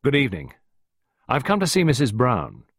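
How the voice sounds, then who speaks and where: A man voicing a smooth, insolent man in a storybook reading, talking in a brusque, mocking way. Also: medium pitch, huge pitch swings, normal speed, dry recording, clean studio sound, pitched above the performer's own voice, exaggerated voice.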